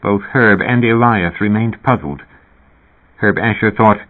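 A man narrating a novel in a slow, even reading voice. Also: lowish voice. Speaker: audiobook narrator. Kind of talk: scripted narration. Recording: tinny narrow-band radio sound.

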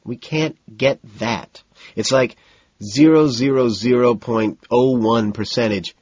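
A man's voice: medium pitch, steady tone, slow pace, darkish tone, slightly rough, no room sound, lo-fi sound. A man voicing a stubborn young male banker who patiently insists on his point. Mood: insistent.

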